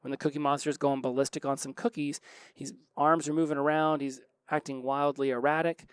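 A man hosting a solo self-help podcast. He talks fast and restarts his sentences often. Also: on the high side, little pitch movement, clear, resonant tone, no echo. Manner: fast-talking, with frequent restarts. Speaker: podcast host.

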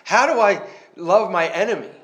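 Man, slightly higher voice, telling his own testimony in church; earnest, conversational, self-deprecating, rambles a bit. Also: expressive, moderate pace, fairly bright tone. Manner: rambling, with restarts. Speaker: church member giving a testimony. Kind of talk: personal testimony to a congregation.

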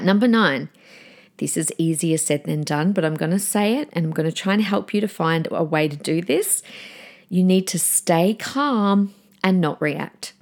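Earnest woman giving parenting advice. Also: sits low. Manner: warm, earnest, gives numbered tips and acts out calm firm lines to children. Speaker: parenting podcast host. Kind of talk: solo podcast advice talk.

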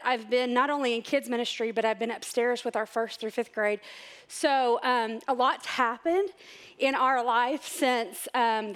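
High-voiced chatty woman. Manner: chatty, excited, laughs often. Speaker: church speaker. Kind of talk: church talk with personal stories.

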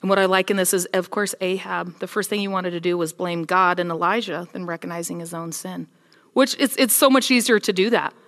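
A woman's voice: lowish voice, brisk. Woman preaching in a roomy hall. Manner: casual, storytelling, animated with voiced quotes. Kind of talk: sermon.

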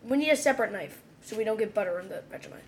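A woman's voice: medium pitch, animated, very fast, slight background noise. A young woman co-hosting a podcast in casual chat, giggly, chatty and easily grossed out. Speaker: podcast co-host.

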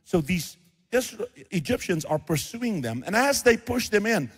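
A man's voice: high voice, big pitch swings, normal speed, slightly rough, in a large hall. A middle-aged man preaching a sermon, acting out the voices of biblical figures as he tells the story. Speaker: pastor.

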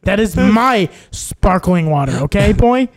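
During a casual podcast chat, a male co-host teases his friend and laughs often, breaking into quick bursts when he gets worked up. His voice is high and animated.

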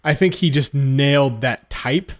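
A man in an easygoing film chat, ambling through his points with "um" and "like" and restarting his sentences as he goes. His pitch sits in the middle, and the talk stays loose and conversational. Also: unhurried. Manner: rambling, hesitant, filler-heavy. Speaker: podcast co-host. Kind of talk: casual film discussion.

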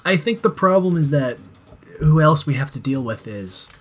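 Here the man's voice is fairly high, husky and expressive, at an ordinary pace. As a co-host, he chats loosely about a TV show, rambling with many fillers and restarts and swearing from time to time.

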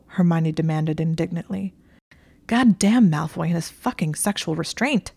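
A woman narrating an audiobook reading of fan fiction in a wry, expressive way. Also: lowish voice, moderate pace, vocal fry, slightly rough, no echo, clean studio sound.

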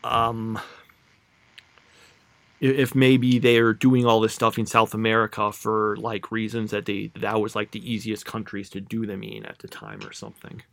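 A man's voice: on the low side, normal speed, creaky, fairly bright tone, no room sound. A young man chatting casually as a podcast co-host, rambling with many fillers, restarts and trailing thoughts. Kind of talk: casual chat.

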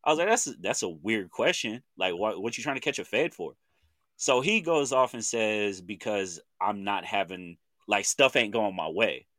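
A man in his thirties from Oklahoma with an Oklahoma accent, co-hosting a podcast and telling a story in animated casual chat, acting out what people said in slangy talk. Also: lowish voice, moderate pace, no echo. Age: 30s. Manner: animated storytelling with slang, acts out quoted voices. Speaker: podcast co-host.

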